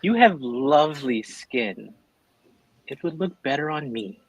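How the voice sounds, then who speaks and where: A man reading cheesy pickup lines in a deadpan way, as a co-host in a casual online chat. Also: medium pitch, unhurried, slightly rough, no echo, rough recording. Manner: deadpan delivery.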